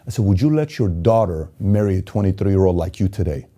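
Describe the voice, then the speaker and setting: A man from Iran giving an intense motivational monologue, swinging between loud urgency and quiet emotion. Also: sits low, expressive, brisk. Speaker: motivational speaker.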